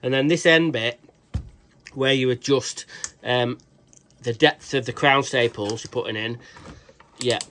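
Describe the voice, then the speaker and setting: A man's voice: medium pitch, fairly even intonation, unhurried, long pauses, fairly bright tone, slight background noise. A British man reviewing a tool in a casual vlog, rambling and swearing freely with cheeky jokey asides. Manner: rambling, swears a lot, restarts sentences.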